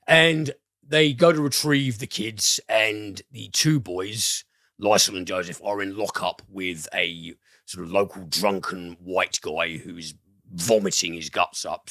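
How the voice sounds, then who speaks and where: A man reviews films on a casual podcast, rambling and swearing freely. His voice is very low yet bright and forceful. The recording is close and dry. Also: vocal fry, no echo. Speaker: podcast host and film reviewer. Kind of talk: casual film review chat.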